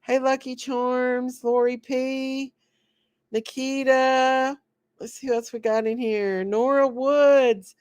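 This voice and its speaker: A woman hosting a casual livestream while sick and short of breath, greeting viewers by name in slow, drawn-out, sing-song repeats. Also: sits high, steady tone, darkish tone, clear, resonant tone, no room sound. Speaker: livestream host.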